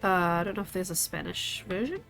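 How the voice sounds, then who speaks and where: A woman's voice: fairly low pitch, a little fast, gravelly, fairly bright tone, faint music behind. A woman, chatting casually while streaming a game and rambling as she answers her chat.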